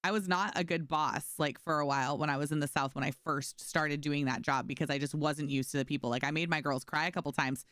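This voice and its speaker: A woman's voice: sits low, steady tone, quick pace, hardly any pauses, fairly bright tone, dry recording, studio quality. Chatty sarcastic woman streamer from New York. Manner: chatty, sarcastic, reads chat aloud and answers it. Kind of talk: casual chat with stream chat while gaming.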